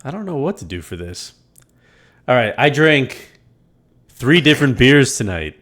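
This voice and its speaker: A man's voice: medium pitch, very animated, unhurried, a bit bright. A man co-hosting a casual live stream, joking, rambling and swearing as he runs giveaways and trivia. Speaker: co-host running giveaways.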